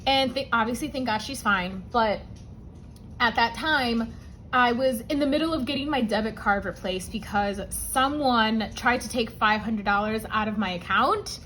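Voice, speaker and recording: A woman hosting a budgeting channel tells a personal story with emotion, sometimes tearful, and calls her viewers "y'all." Her voice is on the high side with a fairly bright tone and a moderate pace. The recording is low-quality, with a little hiss or hum.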